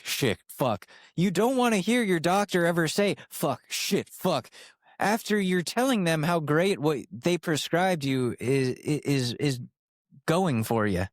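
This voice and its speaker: A man's voice: mid-range voice, dry recording, clean studio sound. Profane, rambling young man telling a story. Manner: profane, rambling, self-mocking; jumps from sidetrack to sidetrack. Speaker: podcast host. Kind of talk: candid storytelling rant.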